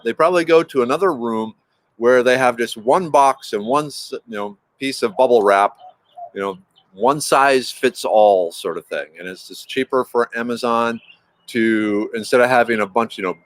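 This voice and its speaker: A man chatting casually as the host of a livestream. He talks at an ordinary middle pitch, rambles and often restarts his sentences. He greets his viewers by name as he goes. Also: a bit bright, no echo.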